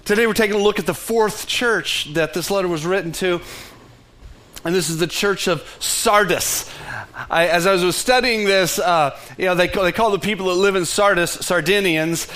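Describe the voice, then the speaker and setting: Male pastor, high register, earnest sermon delivery that swings from loud to hushed. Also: normal speed. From Texas. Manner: earnest, stammering restarts, dramatic dips to near whisper.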